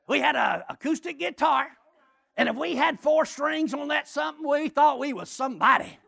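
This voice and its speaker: A middle-aged man preaching a sermon as a lively story, often shouting and laughing as he tells it. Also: very high-pitched, moderate pace, creaky.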